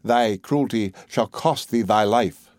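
A man voicing a small, relentless female sparrow in a storybook, speaking slow, solemn threats. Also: on the low side, a little mellow, no room sound, clean studio sound. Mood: grim.

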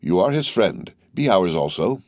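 A man's voice: sits low, sing-song, normal speed, no room sound, studio quality. A man voicing a courteous, genial young French viscount in a classic novel reading. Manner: polite, gallant.

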